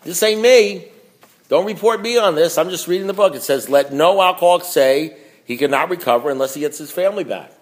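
A man's voice: expressive, fairly quick. A man giving a blunt, emphatic talk at a recovery meeting, reading from a book and repeating himself for emphasis. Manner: swings between low asides and loud preaching.

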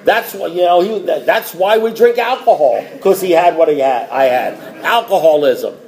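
A man's voice: on the high side, expressive, moderate pace, darkish tone, roomy sound, rough recording. A middle-aged man giving a personal recovery testimony at a meeting, telling stories and acting out dialogue, laughing often.

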